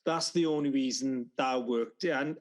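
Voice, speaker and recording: A man's voice: medium pitch, measured pace. A man casually discussing a film, sarcastic and mocking lines as he goes. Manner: sarcastic, mocks lines in flat voices. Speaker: film review podcast co-host.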